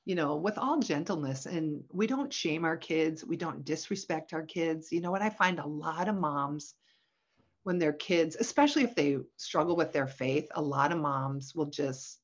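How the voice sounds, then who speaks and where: A middle-aged woman speaking in a somewhat low voice, talking about family and faith with lively, expressive storytelling. The sound is slightly dull and lo-fi. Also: moderate pace. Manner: expressive storyteller, animated when quoting, laughs often. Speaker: guest, Christian parenting author. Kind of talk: casual podcast conversation.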